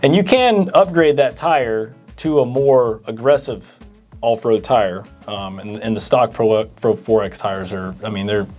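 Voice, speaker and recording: A man's voice: lowish voice, unhurried, darkish tone, soft background music. A man co-hosting a parts store Q&A, reading viewer questions and often stammering through fillers. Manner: hesitant, stammering with many fillers. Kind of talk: casual Q&A chat.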